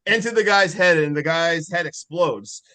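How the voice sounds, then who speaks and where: A man co-hosting a casual podcast, retelling a movie scene by scene. His voice sits a bit high for a man. He rambles, stacks fillers and breaks into laughs as he goes. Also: moderate pace, a loud crowd. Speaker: podcast co-host.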